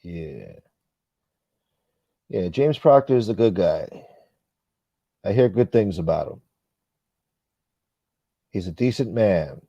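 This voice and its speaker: A man's voice: deep voice, expressive, slow pace, long pauses, mellow, breathy edge, no echo, highs cut off. A man hosting a casual livestream, reading viewer comments in a blunt, profane, rambling way. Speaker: livestream host.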